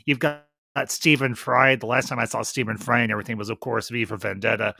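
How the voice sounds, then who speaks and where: A man talks through a series review on his own stream, eager and rambling, often restarting his sentences. His voice is bright and forward, recorded close and dry with no room sound. His pitch sits in the middle. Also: fairly even intonation, a little fast, creaky, dry recording. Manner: enthusiastic, chatty, repeats and restarts phrases. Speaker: YouTube reviewer. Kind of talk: casual review livestream.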